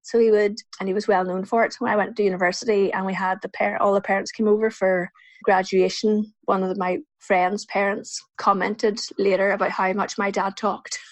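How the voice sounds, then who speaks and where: A woman's voice: medium pitch, level tone, a little fast, dry recording. A woman in her forties with a Northern Irish accent, hosting a solo podcast and answering listener questions in a chatty way with frequent laughs, into a USB desk mic at home. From Northern Ireland. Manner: chatty, warm-hearted, laughs often. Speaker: podcast host. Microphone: USB desk microphone.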